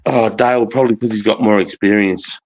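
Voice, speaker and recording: A man's voice: fairly low pitch, fairly even intonation, a little fast, darkish tone, low-quality recording. A man, telling a rambling story in casual livestream chat, swearing often and saying mate and bro.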